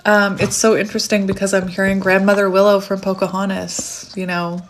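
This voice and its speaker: A woman giving a casual, chatty tarot reading, laughing often and squealing when she gets excited, her throat a little hoarse. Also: medium pitch, a little fast, few pauses, a little hiss or hum. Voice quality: warm, laughs often between phrases. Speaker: tarot reader.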